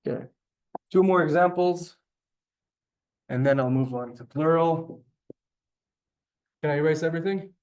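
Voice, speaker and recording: A man's voice: fairly high pitch, unhurried, long pauses, a little mellow. Patient man teaching a class. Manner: patient, step-by-step explaining, often checking in with the class. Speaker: Hebrew teacher. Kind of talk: classroom lesson.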